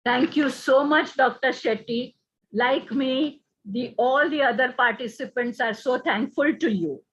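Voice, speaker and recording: A woman's voice: sits high, unhurried, fairly bright tone, breathy edge. A woman moderating a seminar question session, polite and a little hesitant, with many filler sounds. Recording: dull lo-fi sound.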